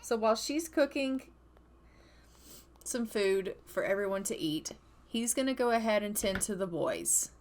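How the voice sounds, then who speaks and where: A woman casually narrating her gameplay of a family life sim in a chatty, relaxed way. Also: mid-range voice, measured pace, slight background noise. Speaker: gaming channel host.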